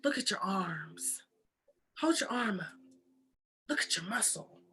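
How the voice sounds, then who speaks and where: A woman voicing God as a calm, patient male deity who gives quiet, unhurried commands. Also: sits high, exaggerated voice. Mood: gently insistent.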